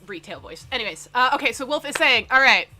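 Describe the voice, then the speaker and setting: Bright-voiced chatty Southern woman. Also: a little high, expressive, quick pace, faint music behind. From Southern United States. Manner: chatty, rambling, self-deprecating, reads chat aloud. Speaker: live stream host. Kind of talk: casual live-stream chat.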